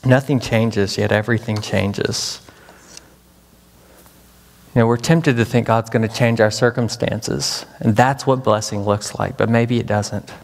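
A man's voice: on the low side, fairly even intonation, measured pace, creaky. A man from Memphis, Tennessee, preaching a chapel sermon as a pastor, dramatic and full of rhetorical questions. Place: large chapel hall. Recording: long hall reverb.

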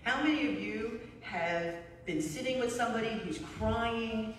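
A woman's voice: fairly high pitch, a little slow, slight background noise. Middle-aged woman pastor, conversational storytelling sermon, heard from a distance in a reverberant church. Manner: conversational, storytelling, frequent "right?". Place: church sanctuary. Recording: echoey hall from far off.

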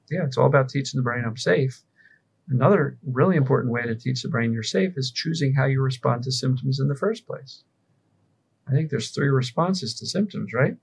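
A man's voice: mid-range voice, rough recording. A man from Pennsylvania, a mind-body coach, explaining his approach as an interview guest and answering his own rhetorical questions. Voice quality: gravelly, very husky voice.

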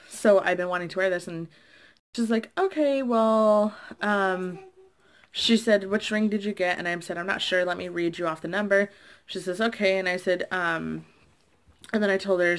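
Young female vlogger, slightly low voice, casual and filler-heavy, exasperated storytime delivery, home camera recording. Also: a bit bright.

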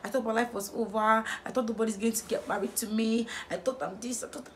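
A woman's voice: on the high side, fairly even intonation, fast, slight background noise, natural voice. A woman mimicking an overly emotional young woman wailing dramatically at her marriage proposal. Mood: sobbing.

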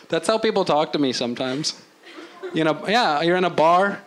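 A man's voice: a little high, sing-song, normal speed. A man doing an improvised stand-up set on a club stage, loose and rambling, swearing a lot and mocking himself. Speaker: stand-up comedian. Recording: noisy live club recording. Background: audience laughter.

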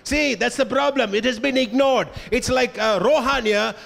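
Fervent high-pitched male pastor preaching. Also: normal speed, creaky, fairly bright tone. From India. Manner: passionate, emphatic, questions the congregation. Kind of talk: sermon. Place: church hall.

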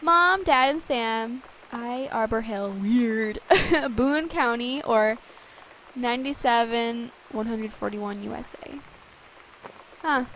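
Young woman gamer, high and giggly, chatty commentary over soft rain. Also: slow, a little hiss or hum, rough recording. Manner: giggly, chatty, reads game text aloud. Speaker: let's play gamer. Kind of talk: casual gameplay commentary.

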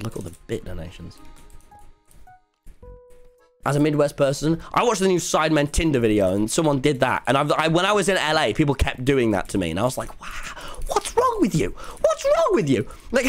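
English male streamer, lively high voice, sweary ranter, faint music underneath. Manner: rambling, profane, quick to rant. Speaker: livestreamer. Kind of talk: casual livestream chat while gaming.

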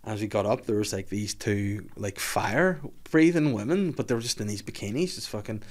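A man's voice: fairly low pitch, lively intonation, a little fast. A young man telling a swearing, laughing anecdote in casual podcast chat. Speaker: podcast guest.

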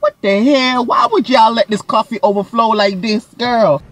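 A man's voice: extremely high pitch, normal speed, fairly bright tone. A man vlogging from his car as a delivery driver, talking in a sassy, flamboyant, dramatic way. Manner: sassy, flamboyant, dramatic, keeps saying "girl" and "Miss Thing". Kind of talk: casual vlog chat. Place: inside a car while driving. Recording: car noise behind the voice.

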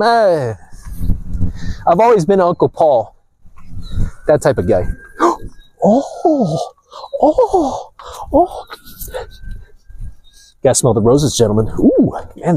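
Man, husky voice, bouncy lively pitch, preachy vlog rant outdoors by the sea. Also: takes it slowly, long pauses, poor audio. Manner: animated, preachy, addresses viewers as gentlemen. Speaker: vlogger. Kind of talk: casual outdoor rant to camera. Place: outdoors near the ocean.

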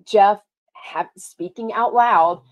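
A woman's voice: mid-range voice, slow, highs cut off. A woman from Texas with a Texan accent, hosting a podcast and chatting casually about reality TV, reading viewer comments along the way. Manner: chatty, lively, reads viewer comments aloud. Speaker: podcast host. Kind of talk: casual chat.

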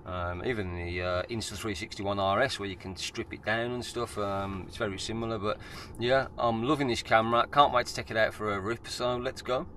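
A man with an English accent chatting casually and excitably in his drone vlog, swearing freely. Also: on the low side, a little fast, hardly any pauses. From England. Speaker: FPV drone vlogger. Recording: loud background noise.

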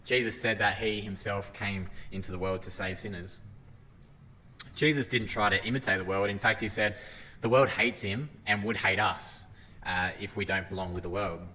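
An earnest man preaches a sermon, reading scripture aloud and often restarting his phrases. His voice sits a little low yet sounds bright and forceful. It carries a long hall reverb over a faint room hum. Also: fairly even intonation, moderate pace. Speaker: lay preacher. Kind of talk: sermon talk.

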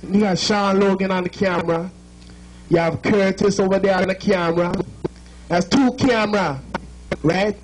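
A man with a Jamaican accent hosts a live show, speaking in a notably high voice. He jokes and teases the crowd in a playful, chatty way. A faint noise sits under his voice. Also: steady tone, moderate pace, rough recording. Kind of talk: joking crowd work.

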